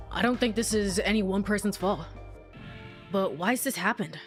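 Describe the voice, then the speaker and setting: A woman's voice: medium pitch, moderate pace. Giggly woman streamer chatting over game music. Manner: giggly, chatty, laughs often. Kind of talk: casual gameplay commentary.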